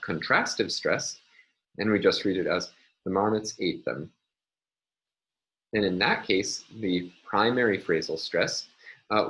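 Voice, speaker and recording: Deep-voiced man giving a lecture. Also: a bit bright, poor audio. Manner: measured, explanatory, with frequent filler words. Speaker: linguistics lecturer. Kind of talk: recorded lecture.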